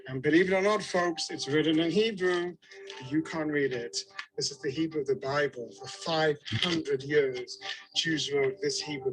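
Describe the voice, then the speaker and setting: A man's voice: a little high, fairly bright tone, low-quality recording. A British man leading an outdoor tour on a hilltop, jokey and enthusiastic, a little out of breath. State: slightly out of breath. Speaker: tour guide. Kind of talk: outdoor guided tour to camera.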